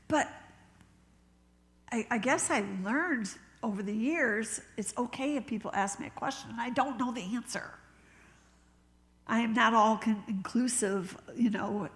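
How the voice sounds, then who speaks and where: A woman bishop preaching a sermon in a conversational, storytelling way, slowing down and dropping to a whisper when she acts out what people said. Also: on the high side, a bit bright. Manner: laughs easily, talks slowly. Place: church sanctuary. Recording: long reverb of a church hall.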